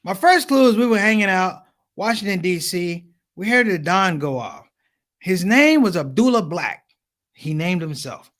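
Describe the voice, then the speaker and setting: A man doing stand-up comedy, telling stories as an animated storyteller with big voice swings. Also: high-pitched, normal speed.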